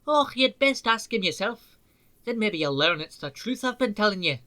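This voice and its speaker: A man voicing a touchy little male engine with a Scottish accent and a hoarse, hushed way of talking. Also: high-pitched, animated, moderate pace, pitched above the performer's own voice. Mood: gruff.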